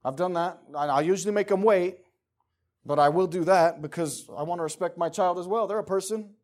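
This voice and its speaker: A man's voice: sits high, fairly quick, darkish tone. A middle-aged man preaching a casual sermon, talking conversationally and emphatically and acting out the voices he quotes.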